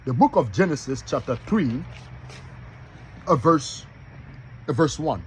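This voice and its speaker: A man teaching from the Bible like a preacher, reading verses slowly and asking the listeners if they are following him. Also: a little high, animated, a little hiss or hum. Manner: reads verses slowly and repeats them. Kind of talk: street-style bible teaching.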